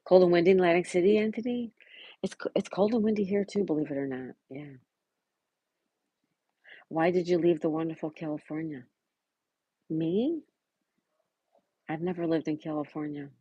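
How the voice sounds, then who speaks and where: Low, husky-voiced woman chatting on a livestream. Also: normal speed, pauses often, no echo, highs cut off. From Buffalo, New York. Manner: greets viewers by name and chats back warmly. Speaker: livestream host. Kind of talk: casual live chat, reading viewer comments aloud.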